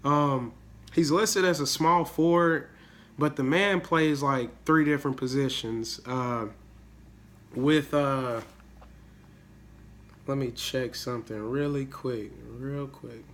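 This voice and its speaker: A man's voice: medium pitch, slow, long pauses, fairly bright tone, slight background noise. A young man, a little sick, hosting a fantasy sports video in casual, hyped talk, full of slang and repeated words. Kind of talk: casual solo video commentary.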